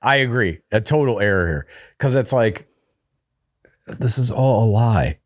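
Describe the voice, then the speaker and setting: A man's voice: mid-range voice, animated, a little slow, dry recording, studio quality. A man co-hosting a podcast, chatting casually and giving opinionated takes on how a reality show is filmed. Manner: opinionated, talks about camera framing, joking. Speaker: podcast co-host.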